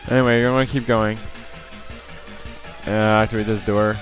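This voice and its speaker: A man's voice: on the low side, level tone, moderate pace, soft background music. Rambling man narrating gameplay. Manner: rambling, filler-heavy, self-correcting. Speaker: let's play commentator. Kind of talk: casual gameplay commentary.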